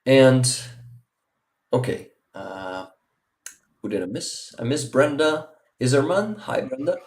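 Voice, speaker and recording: Man hosting a stream, halting with lots of uhs, roomy echo. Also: mid-range voice, big pitch swings, darkish tone. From Ukraine. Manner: halting, with many fillers and repeated words. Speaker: livestream host. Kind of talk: casual livestream chat.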